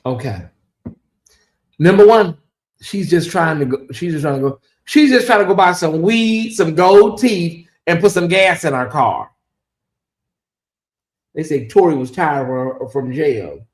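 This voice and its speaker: A man's voice: fairly high pitch, expressive, a little slow, pauses often. A man hosting a gossip show in casual commentary, sassy and chatty, calling his viewers y'all and honey. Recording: echoey room.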